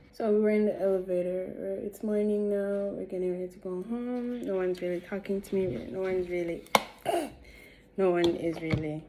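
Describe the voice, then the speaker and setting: A woman's voice: medium pitch, dark tone, a little hiss or hum. A young woman with a Jamaican accent, telling a rambling, chatty story while doing her makeup for her vlog. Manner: rambling, chatty, laughs between sentences. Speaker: beauty vlogger.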